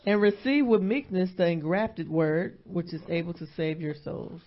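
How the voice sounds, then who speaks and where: A congregant reading scripture aloud in slow, steady lines during a sermon. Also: medium pitch, dull audio.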